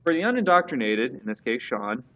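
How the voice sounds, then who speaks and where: A man's voice: mid-range voice, big pitch swings, brisk, muffled recording. A man co-hosting a casual wrestling chat, rambling with lots of fillers and restarts. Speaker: podcast co-host.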